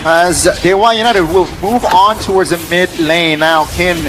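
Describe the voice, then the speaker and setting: A man's voice: sits high, noisy background. A man doing play-by-play esports commentary, calling the action with dramatic build-ups. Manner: rapid hype calls, dramatic build-ups.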